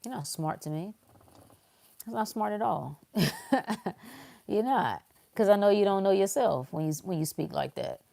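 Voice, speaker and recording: A woman, talking bluntly in a casual spiritual talk, swinging between loud emphasis and hushed asides. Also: mid-range voice, expressive, measured pace, creaky, pauses often.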